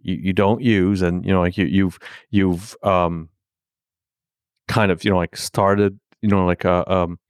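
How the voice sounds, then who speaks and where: A middle-aged man talking candidly in a conversation, halting and leaning heavily on filler words. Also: low voice, fairly even intonation, no room sound, studio quality.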